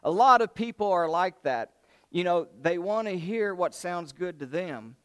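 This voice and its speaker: A man's voice: sits high, expressive, unhurried, fairly bright tone, clean tone. A man preaching a sermon, retelling a Bible story in a casual, colloquial way and acting out the characters' lines.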